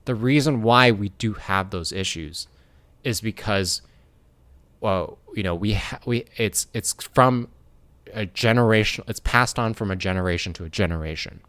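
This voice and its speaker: A man's voice: on the low side, normal speed, a bit bright, no room sound. An American man hosting a casual commentary vlog, talking in an earnest, rambling way. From United States. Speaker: YouTuber.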